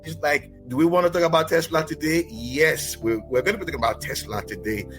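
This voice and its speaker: A man's voice: fairly high pitch, brisk, music in the background. Chatty Nigerian-raised podcast host, man. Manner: chatty, repeats words and restarts. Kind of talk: casual interview podcast.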